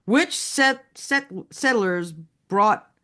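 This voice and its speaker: A woman's voice: on the high side, expressive, very slow, pushed and bright. A woman co-hosting a casual chat, telling stories with lots of laughter and restarts. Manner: chatty storyteller, laughs often, many restarts. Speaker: co-host.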